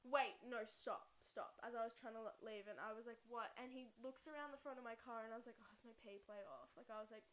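A woman's voice: a little high, fast talker, few pauses. A young Australian woman co-hosting a podcast, chatting casually and telling stories full of "like". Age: young adult. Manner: chatty storyteller, lots of "like". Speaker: podcast co-host. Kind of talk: casual chat.

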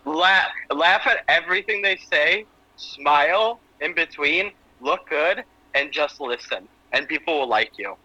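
A man's voice: a little high, animated, a little slow, sharp tone, no room sound, low-quality recording. A man in his twenties co-hosting a casual podcast over a video call with headphones, making joking asides. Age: 20s. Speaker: podcast co-host. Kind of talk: casual chat.

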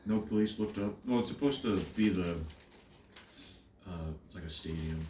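A man joining a casual movie chat, insistent and quick to correct the others. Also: fairly low pitch, dark tone. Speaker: guest. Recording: roomy, distant mic, faint hiss.

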